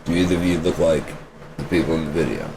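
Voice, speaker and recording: Deep-voiced male vlogger, crude and blunt, ranting from a car with road hum behind him. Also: fast. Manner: profane, blunt, fires off rhetorical questions. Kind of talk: rambling opinion rant. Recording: steady vehicle road noise behind voice.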